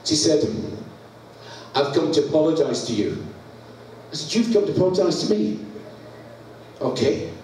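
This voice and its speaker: A Scottish man preaches in a church, laughing through a funny personal story and acting out the sounds in it. His voice sits a little high. He sounds far from the mic in a very echoey hall, with clear noise behind him. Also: big pitch swings, normal speed, pauses often, darkish tone. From Scotland. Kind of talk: humorous sermon storytelling.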